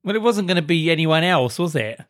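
A man's voice: a little high, expressive, fairly quick, fairly bright tone. A man in casual chat, making wry, teasing remarks.

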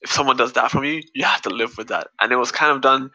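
A young man hosting a casual film discussion, retelling scenes in an animated way. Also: mid-range voice, quick pace, highs cut off. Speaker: podcast host.

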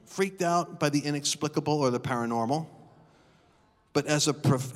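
A middle-aged man preaching live in a church, telling stories with animated, dramatic flair. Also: on the high side. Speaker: guest preacher. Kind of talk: live sermon storytelling. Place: church auditorium. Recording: long reverb of a church hall.

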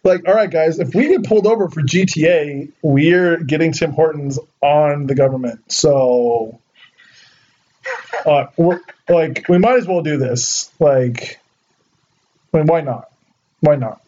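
A man's voice: a little high, a little slow, warm tone, a little hiss or hum. A man co-hosting a podcast in casual chat, rambling with lots of filler words. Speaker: podcast co-host. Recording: muffled lo-fi recording.

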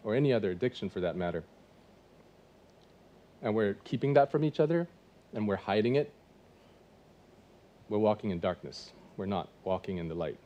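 Guy in his 40s preaching in church, warm mellow voice, talks to the crowd like a chat, lots of questions. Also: on the low side, animated, normal speed, long pauses, lo-fi sound. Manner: conversational preaching with rhetorical questions. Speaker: pastor. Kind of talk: sermon.

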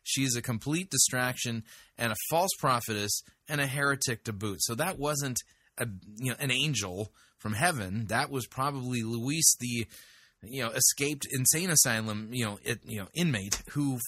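A man's voice: medium pitch, normal speed, bright, forceful tone, husky, no room sound, studio quality. A man hosting a show, making sarcastic, mocking commentary on played clips. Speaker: host.

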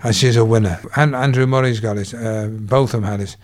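Older Liverpudlian comedian telling gags. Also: male voice, on the low side, fairly even intonation, brisk. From England. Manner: gag-telling storyteller, slips into quoted voices. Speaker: comedian guest. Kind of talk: anecdotal chat.

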